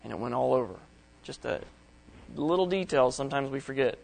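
The poorly recorded voice of a middle-aged man is gravelly and darkish, mid-range, with lively intonation and a fairly quick pace. He preaches a Bible study, reading scripture and explaining it in everyday language.

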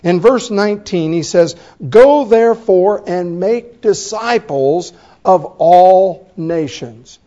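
A man preaching a sermon, reading scripture and slowing down to stress the quoted words. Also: high voice, lively intonation, dark tone. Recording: dull lo-fi recording.

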